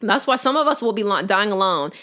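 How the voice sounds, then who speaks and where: A woman's voice: medium pitch, fairly quick. A young woman hosting a solo podcast, talking casually and opinionatedly straight to her listeners. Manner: animated, opinionated, colloquial, talks straight to listeners. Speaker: podcast host.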